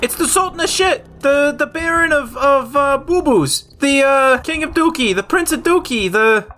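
A woman's voice: high voice, animated, normal speed, a bit bright, soft background music. A woman playing a tabletop game in a playful, goofy way. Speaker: player.

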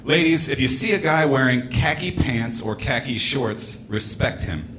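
A man's voice: medium pitch, animated, a little slow, background noise. A man in his late twenties doing a rambling, laid-back stand-up set in a comedy club, with casual swearing. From United States. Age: late 20s.

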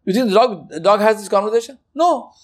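Male preacher, lively emphatic delivery with acted-out asides. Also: sits high, fast. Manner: animated, emphatic, acts out quoted speech. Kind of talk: religious talk.

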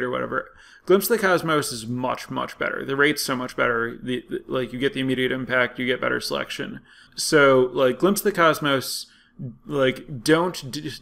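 A man with a slightly high, fairly bright voice and some vocal fry offers casual, analytical commentary on card game statistics. He thinks aloud, with frequent fillers and restarts.

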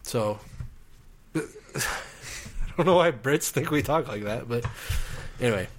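In casual podcast chat about films, a male co-host speaks in a mid-range, expressive voice at a slightly slow pace. He hesitates, restarts, and frequently trails off mid-thought.

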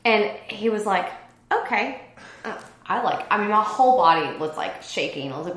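A woman's voice: mid-range voice, fairly quick. A woman who used to teach, telling a personal story in a casual interview and acting out the voices of others. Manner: animated, acts out quoted dialogue. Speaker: former teacher, business owner. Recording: echoey room.

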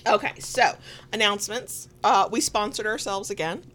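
At normal speed and with a mid-range, slightly bright voice, a woman with a Southern American accent co-hosts a podcast. Recording in a home studio room, she chats casually, rambling through asides and laughing often.

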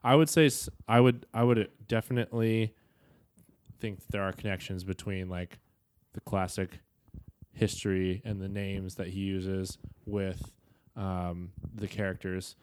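A man in his thirties co-hosting a casual podcast, laughing often in a relaxed, nerdy way. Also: deep voice, a little slow, smooth. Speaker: podcast co-host. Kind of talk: casual chat.

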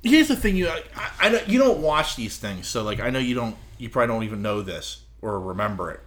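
A man's voice: medium pitch, big pitch swings, fast, fairly bright tone. A man co-hosting a podcast, mostly giving short agreeing replies and then talking up his own opinions in casual chat. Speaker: podcast co-host.

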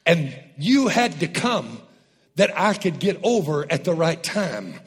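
A man preaching a sermon, calling on the congregation to repeat after him and rising to shouts. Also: high-pitched, lively intonation, unhurried, slightly rough, long reverb tail. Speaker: pastor.

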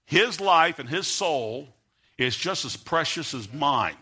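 Bright-voiced man preaching a sermon. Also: fairly high pitch, expressive, slow, breathy edge. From United States. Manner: builds from quiet storytelling to loud, fervent preaching. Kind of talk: sermon with storytelling.

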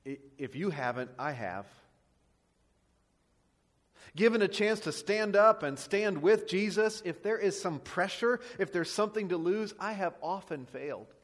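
Booming preacher man in a reverberant hall. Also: expressive, unhurried. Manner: booming preacher voice, swings between loud and quiet. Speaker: pastor. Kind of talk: sermon. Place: church sanctuary.

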